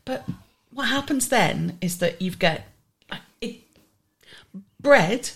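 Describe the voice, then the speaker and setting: A woman's voice: fairly high pitch, expressive, slow. A woman co-hosting a comedy podcast, giggling often and riffing on silly wordplay. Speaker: podcast co-host. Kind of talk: playful comedic banter.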